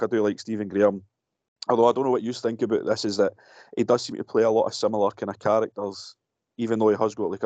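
A man's voice: fairly low pitch, warm tone, dry recording, lo-fi sound. A Scottish man co-hosting a podcast, chatting casually about a film, swearing freely and rambling as he goes. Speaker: podcast co-host. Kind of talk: casual film-review chat.

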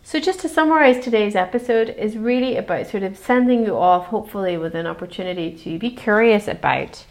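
A woman hosting a self-help podcast, talking in a gentle, searching way with many pauses and soft hedges. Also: mid-range voice, lively intonation. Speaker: podcast host. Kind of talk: reflective self-help monologue.

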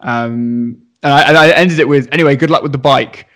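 Chatting casually, a young man who teaches primary school recounts a story in a medium-pitched voice at a fairly quick pace. He swears freely and animatedly performs each character's voice.

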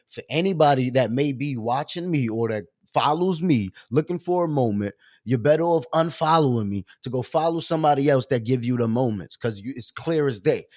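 A man hosting his show, telling a story in a casual rant with passion and conviction, full of slang and fillers. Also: medium pitch. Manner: passionate, emphatic, conversational; loose slangy speech with many fillers. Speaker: show host.

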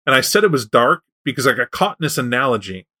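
Bright-voiced male storyteller. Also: mid-range voice, fast talker. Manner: animated, loose, self-correcting. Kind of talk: casual spoken storytelling.

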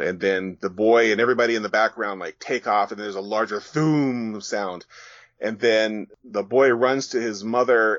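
A graphic novelist appearing as a podcast guest casually walks listeners through his comic page by page, reading and describing it with fillers. His voice is fairly low and fairly bright, with no room sound, and the recording is dull and dry.

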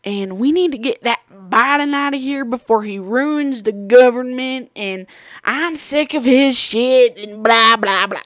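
A toothless old lady, put on by a woman, rants in a put-on Southern drawl, her voice pitched up and pushed loud. She drags out her words in slow, indignant complaint. The sound is dry and close. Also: no echo.

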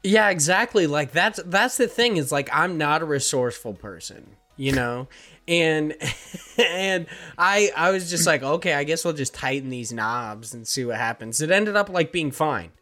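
Young adult man, podcast host, slightly high voice, rambling and swearing, echoey room. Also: expressive, moderate pace, pushed and bright, soft background music. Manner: rambling, filler-heavy, swearing. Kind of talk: casual podcast chat. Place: new house, echoey room with laminate floors.

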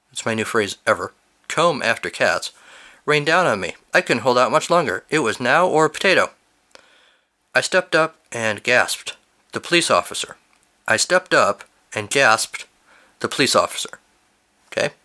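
A man hosting, reading listeners' fill-in-the-blank stories aloud and breaking off for amused asides. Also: mid-range voice. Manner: animated, amused asides between read lines.

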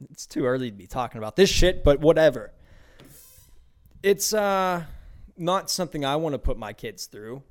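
A man's voice: fairly high pitch, expressive, moderate pace, pauses often. A young man from Pittsburgh hosting a casual solo podcast, rambling and swearing with lots of laughs and repeated words. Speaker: podcast host.

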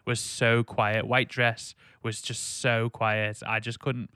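A man chats loosely about an album, full of "like" and false starts. His voice is bright and smooth. The sound is dry and close to the mic. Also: mid-range voice, flat delivery, takes it slowly, no room sound. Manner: chatty, many fillers and restarts. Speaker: podcast co-host. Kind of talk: casual podcast chat.

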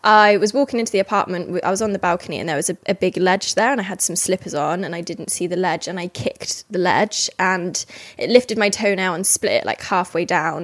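A young woman hosting a casual solo podcast, telling stories in a chatty, animated way with frequent restarts. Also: fairly low pitch. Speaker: podcast host.

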